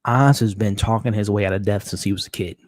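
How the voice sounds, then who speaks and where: A man hosting a live-stream recap of a TV episode, talking excitably and stumbling over repeated words as he restarts his sentences. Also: lowish voice, fast, no room sound. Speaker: show host. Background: dog.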